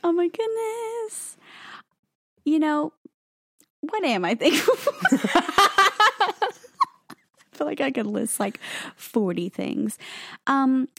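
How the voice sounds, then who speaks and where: A woman's voice: sits high, animated, slow, vocal fry, long pauses, no room sound. Young woman cohosting a podcast, chatty and easygoing, dry close mic. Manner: chatty, lots of fillers and laughs. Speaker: podcast co-host. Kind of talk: casual chat.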